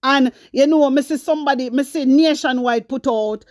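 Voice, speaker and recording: A woman's voice: high voice, moderate pace, darkish tone, dry recording, studio quality. Fiery Jamaican woman ranting. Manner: fiery, urgent, repetitive, scolding. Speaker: online commentator. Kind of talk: impassioned rant to viewers.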